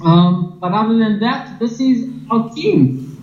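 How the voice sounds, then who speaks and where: A man's voice: high voice, animated, takes it slowly, a little mellow, a little hiss or hum. A man introducing his team over a video call, chatty and laughing. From South Africa. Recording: dull video call played into an echoey hall.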